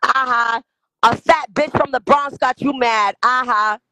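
A woman's voice: sits high, measured pace, bright, forceful tone, no room sound, rough recording. A woman on a livestream taunting another speaker with mocking insults over the phone. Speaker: livestream caller.

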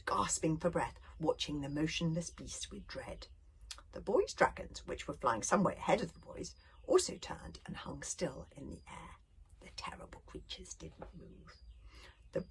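A British woman, a children's author, reading her storybook aloud in an expressive way that often drops to a whisper. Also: fairly low pitch, a little hiss or hum. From United Kingdom.

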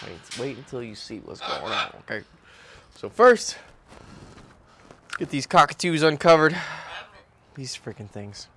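A man casually vlogging outdoors as he tends his birds, loose and slangy, breaking into a high cooing voice when he talks to them. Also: very animated, measured pace, vocal fry, long pauses, background noise. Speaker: vlogger, bird keeper. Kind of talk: casual vlog chat. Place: outdoor backyard cage area.

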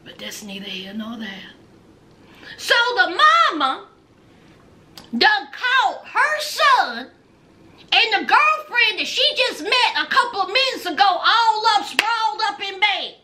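A woman's voice: very high voice, sing-song, slow, sharp tone. A woman giving a sassy, teasing casual recap of a reality show.

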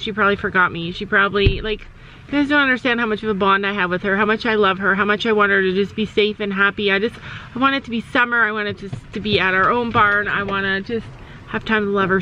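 A woman's voice: mid-range voice, steady tone, fast talker, bright, forceful tone, highs cut off, a little hiss or hum. A middle-aged woman vlogging casually, chatting straight to her viewers in a talkative way. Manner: chatty, often addresses viewers directly. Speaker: family vlogger. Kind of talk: casual vlog talk to camera.

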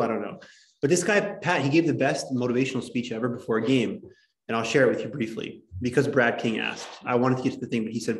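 A man's voice: medium pitch, reverberant. A man lecturing as a history teacher, rambling and digressive with lots of filler words. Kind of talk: classroom lecture. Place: classroom.

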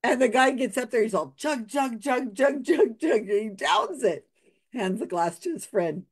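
A woman's voice: a little high, lively intonation, moderate pace, slightly rough. A woman casually telling a personal anecdote, laughing often and restarting her sentences. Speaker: storyteller sharing a memory.

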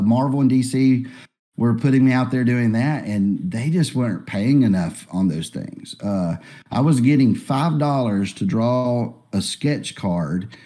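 A man from Alabama, talking in a relaxed, rambling way with many fillers as a guest artist in a live Q&A. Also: medium pitch. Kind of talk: casual live Q&A.

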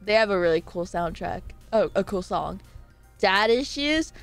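A woman's voice: medium pitch, lively intonation, a little slow, soft background music. A young woman streaming live, chatting playfully and rambling as she reads her chat aloud.

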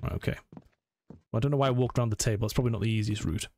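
A man's voice: medium pitch, very fast, darkish tone, slight background noise. A man commentating a horror let's play, nervously narrating his every move to himself. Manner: jumpy, self-narrating, talking himself through scares. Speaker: gaming channel host.

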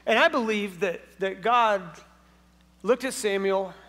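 A male pastor preaches with a high voice in a church hall whose long echo trails each phrase. He talks in a relaxed, conversational way, asks his listeners question after question, and slips in humor. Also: a little slow. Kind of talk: sermon. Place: church sanctuary.

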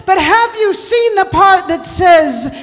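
Woman preacher, very high voice, slow fervent sermon delivery building to shouts, long church reverb. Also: lively intonation, soft background music. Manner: impassioned, rising to shouts and sung cries. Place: church sanctuary.

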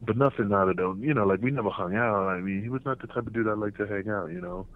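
A man, a former pro wrestler, telling backstage stories in a casual interview, animated and profane, acting out what others said. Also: fairly low pitch, quick pace. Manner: animated, profane, acts out quotes in raised voices. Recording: tinny phone line, dry.

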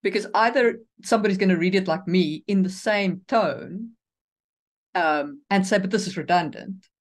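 A woman's voice: medium pitch, normal speed. A woman with a mid-range voice co-hosting a writing podcast. She talks in an easygoing, conversational way, laughing often and reading excerpts aloud as she edits. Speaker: podcast co-host. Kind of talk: casual editing discussion.

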